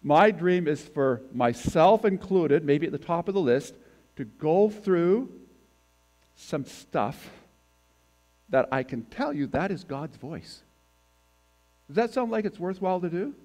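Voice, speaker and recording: A man's voice: fairly high pitch, animated, takes it slowly, pauses often, a little mellow. A man giving a sermon as a guest preacher, talking in a conversational way and putting questions to the congregation. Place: church sanctuary.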